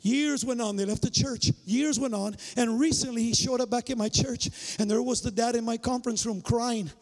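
High-pitched guy preaching, acts out the dialogue, lots of hall reverb. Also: moderate pace. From Mexican-American migrant family. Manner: animated, acts out dialogue, shouts for emphasis. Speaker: pastor. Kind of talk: sermon with storytelling. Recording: long reverb of a large hall.

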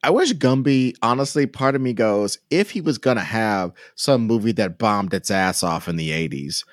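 A man's voice: fairly low pitch, lively intonation, moderate pace, no room sound, clean studio sound. A man hosting a comedy podcast in loose, joking chat, swearing freely. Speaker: podcast host.

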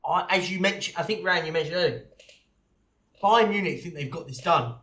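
High-voiced man in an echoey room. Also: bright, forceful tone. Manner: halting, restarts, folksy analogies. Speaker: podcast co-host. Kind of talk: casual podcast debate. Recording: roomy echo.

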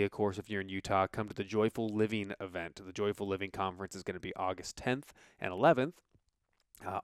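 A man's voice: on the low side, smooth, dry recording, studio quality. Upbeat, rambling man hosting a podcast. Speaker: podcast host. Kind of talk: casual podcast talk.

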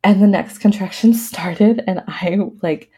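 A woman recounts a personal story as an interview guest, in a relaxed, chatty way full of fillers and laughs. Her voice is warm and mellow, with a gravelly fry at the ends of phrases. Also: mid-range voice, measured pace. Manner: laughs often while talking; casual, many fillers. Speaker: podcast guest.

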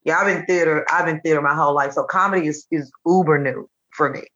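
A woman from Chattanooga, a comedian guest telling animated, jokey stories in casual chat. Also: deep voice. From Chattanooga, Tennessee. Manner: animated, jokey, rapid bursts. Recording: dull lo-fi sound.

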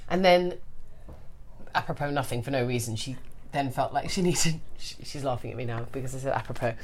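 Lively, swearing London woman. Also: fairly quick, a little hiss or hum. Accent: London English. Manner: swears freely, acts out quotes with big pitch jumps. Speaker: podcast co-host. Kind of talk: casual chat.

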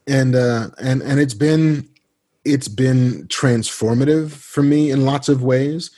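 A male podcast guest tells casual anecdotes in a laid-back, self-deprecating interview, acting out a friend's lines in a higher voice. He speaks slowly and sounds mellow.

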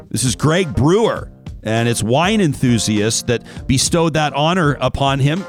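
A man hosting a talk radio show, chatting casually, reading listener messages and sponsor spots, often restarting his sentences. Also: fairly high pitch. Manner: conversational, frequent restarts and filler words. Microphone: studio microphone.

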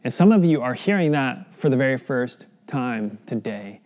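A man's voice: medium pitch, lively intonation, moderate pace, a little mellow. A young adult man preaching a sermon in an earnest, conversational way, often asking the listeners questions. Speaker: pastor.

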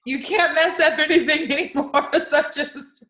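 A woman hosting a casual chat, reacting with quick interjections and laughter. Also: high-pitched, steady tone, pushed and bright. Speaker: podcast host.

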